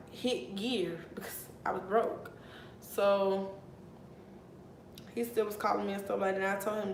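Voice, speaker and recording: A young woman in her twenties tells a wild storytime to her camera, getting animated and outraged and swearing freely. Her voice bounces around a roomy, echoey space with a faint hiss underneath. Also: mid-range voice, vocal fry. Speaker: vlogger. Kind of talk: casual storytime. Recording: echoey room with faint noise.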